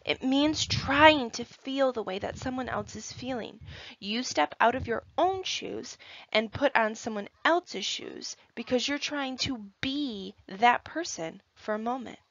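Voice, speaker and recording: A patient school counselor explains things calmly and gently to a child, as a woman reads her lines. Her tone is soft and steady. The recording is a little muffled. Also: fairly high pitch, unhurried, dry recording, voice pushed up. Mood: gentle.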